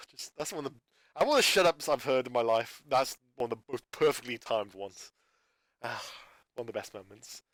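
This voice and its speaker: A man with a bright, forceful voice rambles off the cuff. He often trips over his words and restarts sentences, and he rants in exasperation. The sound is close and dry. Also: medium pitch, lively intonation, brisk, dry recording. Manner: stumbling, restarting, exasperated ranting. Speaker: YouTuber reviewing a channel. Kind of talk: unscripted rambling monologue.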